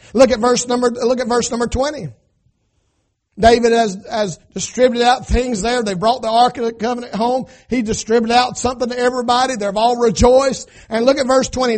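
High-pitched guy preaching, gets loud then drops way down quiet, folksy about scripture. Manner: preaching with swings from loud to hushed; paraphrases scripture in folksy everyday speech. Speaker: pastor. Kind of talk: sermon.

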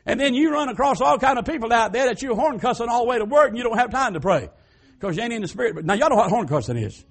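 A man preaching with a strikingly high voice for a man. He swings from fervent shouted cries down to quiet, homespun asides to his congregation. His delivery has the rhythm of an old-time revival sermon. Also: expressive, fast talker. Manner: fervent, rising to shouted cries then dropping to soft folksy asides.

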